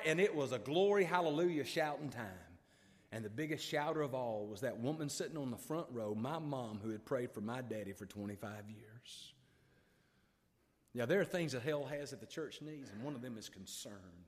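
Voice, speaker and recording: A male revival preacher, telling a story with emotion and swinging from loud to hushed. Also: medium pitch, lively intonation, normal speed, long reverb tail. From Alabama. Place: church sanctuary.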